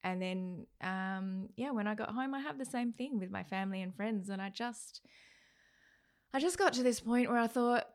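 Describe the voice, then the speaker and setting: A woman in her thirties with an Australian accent, a guest in a casual interview who talks in a lively way and acts out the voices of people she quotes. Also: mid-range voice, moderate pace.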